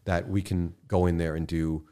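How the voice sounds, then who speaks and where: A man speaking as a podcast guest in casual conversation, impassioned, swearing freely and swinging from quiet to loud bursts. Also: sits low, little pitch movement, normal speed.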